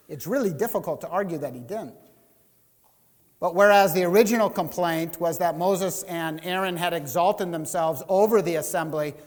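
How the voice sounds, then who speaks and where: A man's voice: sits high, in a large hall. A man preaching a sermon as pastor, reading scripture aloud and acting out the grumbling crowd with rising, emphatic delivery. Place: church sanctuary.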